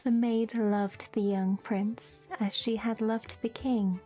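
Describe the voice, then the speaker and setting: A woman with a British accent narrating a fairy-tale story in a measured, scripted way. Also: on the high side, level tone, dark tone, faint music behind. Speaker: narrator of a debut intro.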